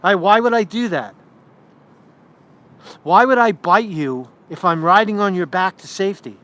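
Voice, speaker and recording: A man's voice: high voice, normal speed, sharp tone. A man voicing a sly male scorpion from a fable who speaks with false politeness. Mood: pleading.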